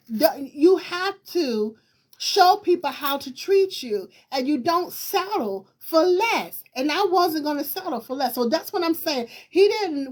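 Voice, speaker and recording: High-voiced woman telling a story. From Virginia. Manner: lively, emphatic, laughs while telling. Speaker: talk show host. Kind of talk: storytelling to viewers.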